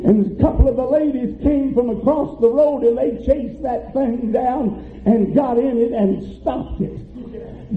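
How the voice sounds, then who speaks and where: High-voiced preaching pastor, echoey tinny church. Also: male voice. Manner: preaching with rising fervor and drawn-out emphasis. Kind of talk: sermon. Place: church sanctuary.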